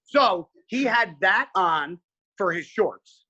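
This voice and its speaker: A man with a slightly high, husky voice tells a story as a podcast guest. He talks with a forceful, tense edge and swears constantly. His delivery is animated and casual. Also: slow pace, dull audio. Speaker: podcast guest, pro bodybuilder.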